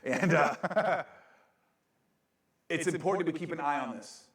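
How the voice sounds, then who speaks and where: A man's voice: fairly high pitch, slow pace, a bit bright, distant mic. A male pastor preaching a sermon with a joking, self-mocking manner and frequent laughs, recorded in a church sanctuary. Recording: very echoey church room.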